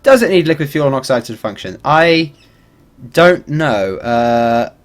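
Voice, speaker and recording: A man streams a game, talking casually at a moderate pace in a medium-pitched voice. He's animated and tends to ramble, swearing and chuckling freely.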